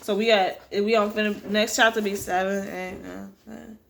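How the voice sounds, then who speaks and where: A young woman chatting casually on her reading vlog, dramatic and expressive, full of slang. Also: medium pitch, normal speed, vocal fry, a little hiss or hum. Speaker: book-reading vlogger.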